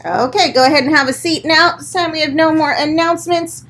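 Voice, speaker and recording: A woman's voice: high-pitched, steady tone, fairly quick, fairly bright tone. A woman, a school principal reading the morning announcements to students in an upbeat, encouraging way. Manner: upbeat, encouraging, addresses children directly.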